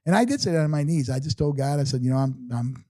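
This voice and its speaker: Middle-aged man telling his story haltingly. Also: medium pitch, mellow, no echo, studio quality. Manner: halting, many restarts and fillers. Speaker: interview guest. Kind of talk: casual personal storytelling.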